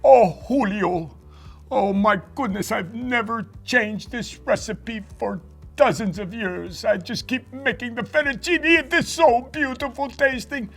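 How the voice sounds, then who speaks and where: A man voicing a cheerful young male puppet who tells a cooking story in a chatty, excitable way for a children's puppet show. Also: very high-pitched, unhurried, soft background music, heavily acted. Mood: excited storytelling.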